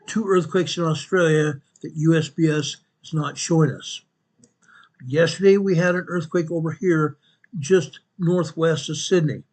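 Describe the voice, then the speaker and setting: Male host with a somewhat high voice, walks through a map and reads each quake figure twice, corrects himself on the fly. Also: fairly even intonation, a little slow, a little mellow. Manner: corrects himself mid-sentence. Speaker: earthquake report host. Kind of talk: narrating a map-based earthquake update.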